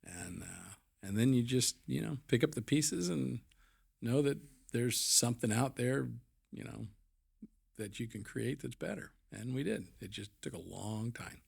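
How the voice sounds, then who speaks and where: A man's voice: mid-range voice, expressive, unhurried, vocal fry, darkish tone, breathy edge. A man in his forties, a podcast guest and business owner, telling his story candidly in a rambling, blunt and profane way, full of fillers.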